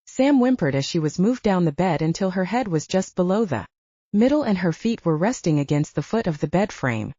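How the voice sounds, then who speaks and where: Animated female audiobook narrator. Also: fairly low pitch, dry recording, lo-fi sound. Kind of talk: scripted narration.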